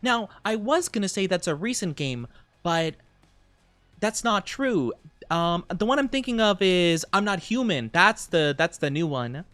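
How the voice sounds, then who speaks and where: A man streaming a game and chatting playfully with his viewers, rambling and giggling, with sudden high squeaks. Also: very animated, measured pace, a bit bright, dry recording, faint music behind. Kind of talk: casual live-stream chat while gaming.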